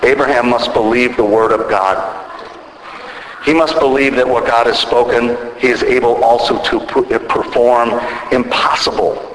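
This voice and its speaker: Male preacher, mid-pitched, measured delivery rising to emphatic peaks, long hall reverb, faint noise. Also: steady tone, a bit bright. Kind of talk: sermon.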